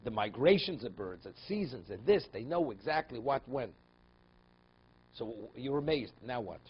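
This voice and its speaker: A man's voice: mid-range voice, animated, moderate pace, breathy edge, dull audio. A man who is a rabbi giving a religious text lesson, telling stories, asking rhetorical questions and often repeating words. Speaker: rabbi teaching a daily class.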